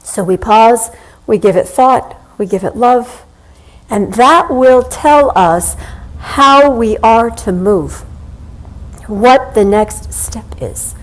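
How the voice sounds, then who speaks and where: A woman minister giving a sermon in a conversational, anecdotal way, slowing down with deliberate pauses. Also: on the high side, expressive, low-quality recording.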